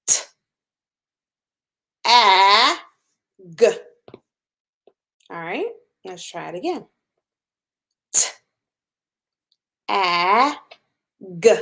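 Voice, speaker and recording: A woman teaching a phonics lesson to young children, patient and encouraging, sounding out letters slowly. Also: medium pitch, creaky, a bit bright. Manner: slow, patient, drawn-out sounds with encouraging praise.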